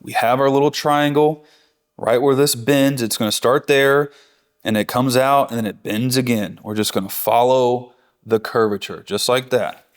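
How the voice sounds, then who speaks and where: An enthusiastic man teaching barbecue as he works, chatty and encouraging. He talks at an ordinary middle pitch, fixing his slips on the fly in a casual, hands-on way. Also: fairly even intonation, normal speed. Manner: enthusiastic, chatty, self-correcting. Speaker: barbecue instructor. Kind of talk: real-time cooking tutorial.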